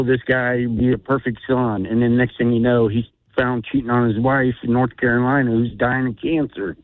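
A man's voice: medium pitch, no echo. Blunt male caller on a thin phone line. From Chicago. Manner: blunt, ranting, heavy on fillers. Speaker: radio caller. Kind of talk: casual call-in talk.

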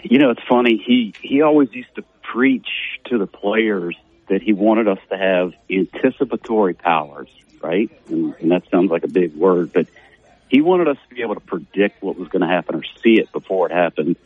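A man's voice: sits low, lively intonation, moderate pace, breathy edge, no room sound. A middle-aged man, a former player as a guest on a casual radio interview, rambling with many fillers. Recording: dull narrow phone-like radio audio, dry.

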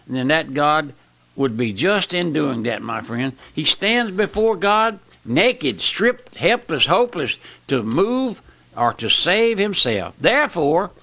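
A man preaching a sermon with impassioned pitch jumps, slowing down for emphasis and calling out "my friend" often. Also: creaky, pushed and bright, dry recording.

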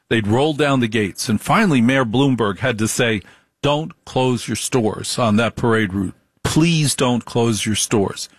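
A man's voice: mid-range voice, no room sound. A man telling personal stories in a casual monologue, emphatic and repetitive, asking rhetorical questions. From United States. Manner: emphatic, repeats phrases for effect, rhetorical questions.

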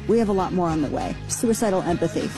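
A woman's voice: lowish voice, lively intonation, quick pace, over music. A woman hosting a talk radio show, chatting loosely through news items with many fillers and restarts.

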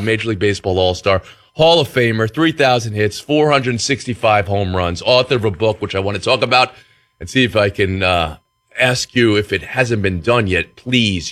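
A man hosting a sports radio show, with a slightly hoarse, cracking voice, talking in an excited, emotional and heartfelt way. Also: on the low side. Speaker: radio host.

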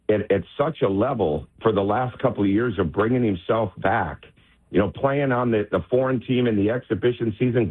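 A man's voice: mid-range voice, slightly rough. A man, a basketball coach, calling in to a sports radio show and speaking emphatically. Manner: emphatic, insistent. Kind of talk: phone interview on sports radio. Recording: tinny phone line.

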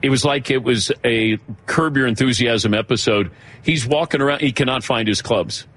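A man's voice: mid-range voice, moderate pace, a bit bright. A man hosting a radio show, joking casually with a guest and announcing what comes up next.

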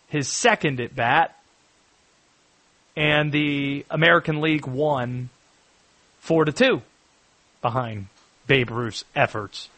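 Bright-voiced chatty sports radio host man. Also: on the high side, poor audio. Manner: chatty, riffing, jumps into loud excited bursts. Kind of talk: casual sports talk radio.

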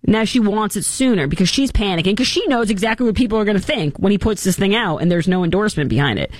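Animated, mocking woman commentator. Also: medium pitch, fast, dry recording. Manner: animated, mocking, acts out quotes. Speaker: commentary show host. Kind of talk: opinionated political commentary.

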